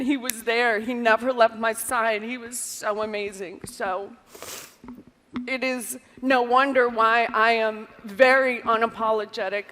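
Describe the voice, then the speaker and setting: A woman in her forties speaks slowly in a high, bright voice, recorded live in a large echoing hall. She tells an earnest personal story to an audience, laughing often and filling her speech with "like". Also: slight background noise. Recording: reverberant hall from a live talk.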